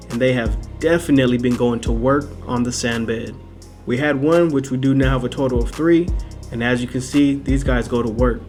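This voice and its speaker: A man in a mid-range voice narrates his home hobby video with an upbeat, playful manner. He drops into relaxed slang as he signs off, over faint music underneath. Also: mid-range voice. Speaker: aquarium hobbyist vlogger.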